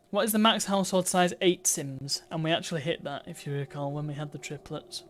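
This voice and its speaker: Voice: mid-range voice, a little fast, hardly any pauses. A streamer giving chatty live gameplay commentary, thinking aloud and breaking into playful cheers.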